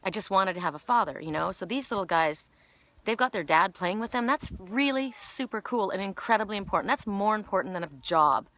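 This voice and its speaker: A woman's voice: medium pitch, lively intonation, brisk, bright, forceful tone. Middle-aged woman, choked up, rambling heartfelt outdoor vlog talk. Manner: emotional, rambling, many restarts. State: choked up, tearful. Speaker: spiritual oracle vlogger. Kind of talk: casual outdoor vlog monologue. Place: outdoors sitting on a woodchip pile by a park.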